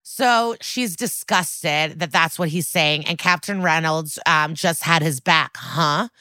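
A woman's voice: deep voice, slow, sharp tone, no echo. A woman podcast co-host recapping a TV episode in a casual, sardonic, swear-heavy chat. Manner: sardonic, profane, chatty.

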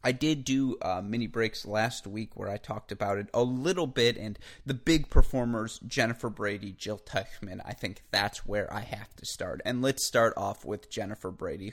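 Energetic chatty male podcast host, lowish voice. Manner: energetic, chatty, self-correcting asides. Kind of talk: solo tennis podcast monologue.

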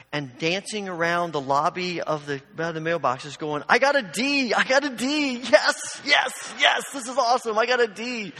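A man's voice: on the high side, pushed and bright. A man preaching a sermon, telling a personal story and then urging his listeners on with growing fervor. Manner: storytelling, building to fervent exhortation. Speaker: pastor. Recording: long hall reverb.

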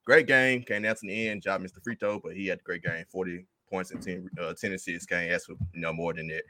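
A low-pitched man with a bright, forceful tone hosts a casual sports chat. He moves the talk along easily and sounds relaxed and good-humored. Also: a little fast, slight background noise. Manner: easygoing, laughs often, leads the segments. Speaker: podcast host.

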